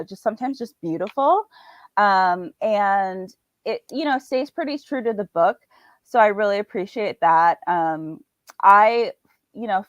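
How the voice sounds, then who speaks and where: A chatty woman with a mid-range voice is a guest on a podcast, an indie author in a casual interview chat. She uses lots of fillers and acts out her own thoughts. The recording is dry, dull, and slightly lo-fi, with no room sound.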